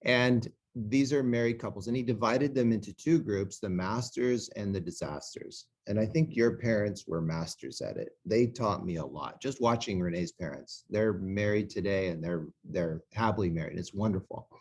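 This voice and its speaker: Animated storytelling middle-aged man. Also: on the low side, moderate pace. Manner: animated, laughs often. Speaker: co-host and presenter. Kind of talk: storytelling talk.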